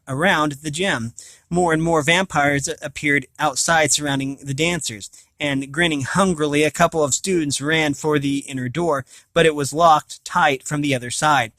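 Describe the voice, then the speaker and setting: A man's voice: on the high side, bright, forceful tone, no echo. Stumbling man reading a novel aloud. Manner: frequent stumbles, restarts and self-corrections. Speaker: reader of a novel. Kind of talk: amateur audiobook reading.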